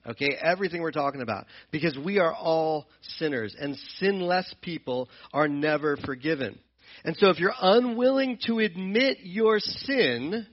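A man's voice: a little high, highs cut off. Man giving an earnest Bible teaching. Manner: earnest, explanatory, repeats and restarts phrases. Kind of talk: sermon-style Bible teaching.

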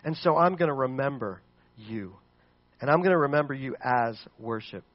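A man's voice: mid-range voice, expressive, moderate pace. Earnest man preaching, muffled sound. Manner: earnest, swings from loud pleading to soft hushed delivery. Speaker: pastor. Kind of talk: sermon.

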